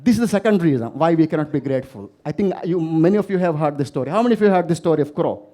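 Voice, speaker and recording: Man, keynote speaker, motivational talk, storytelling, quizzes the crowd, mellow tone. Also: a little high, lively intonation, very fast. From Maldives. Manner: storytelling, asks the audience questions. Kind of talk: motivational talk to a live audience.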